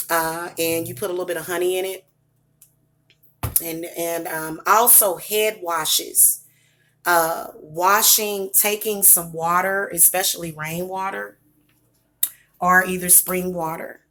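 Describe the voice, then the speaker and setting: A Midwestern woman with a Southern accent hosts a livestream, rambling along and addressing her chat viewers in a casual way. Her voice sits lowish and has a sharp edge to it. She's picked up by the camera microphone on her device.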